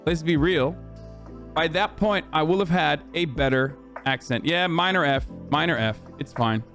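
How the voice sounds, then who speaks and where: A man streams loose, animated commentary, his voice sitting high for a man. He swears freely and keeps the jokes coming, while soft music plays faintly behind him. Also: moderate pace. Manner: profane, joking and animated. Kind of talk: casual commentary.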